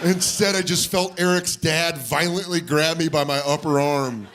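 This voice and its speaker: A man's voice: a little high, moderate pace, faint music behind. A man doing stand-up comedy, telling a story and acting out the people in it. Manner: animated, acts out voices of people in his stories. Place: comedy club stage with audience laughter. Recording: live club recording with audience noise.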